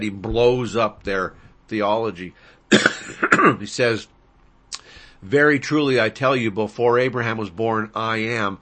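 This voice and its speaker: A male preacher works through a Bible passage at an unhurried pace. His voice is bright and forceful, and he lingers over Greek words before driving home the key declarations with emphasis. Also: lowish voice. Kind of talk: sermon, expository Bible teaching.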